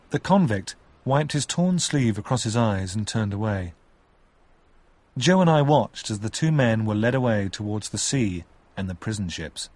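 A man reading a story aloud with expressive narration. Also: lowish voice, normal speed, dry recording.

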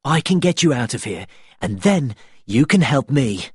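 A man's voice: mid-range voice, very animated, unhurried, a little mellow, slightly rough, dry recording, clean studio sound, full character voice. A man reading aloud voices a desperate young blacksmith who speaks in a raised, pleading voice. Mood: eager.

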